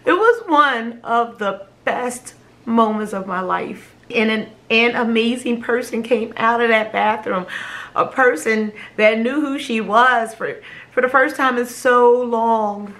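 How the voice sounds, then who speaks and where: A woman, a mother, telling a personal story to camera in a halting, emotional way, often repeating her words and laughing between phrases. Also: fairly high pitch, steady tone, fairly bright tone. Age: adult with children. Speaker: vlogger sharing a personal story.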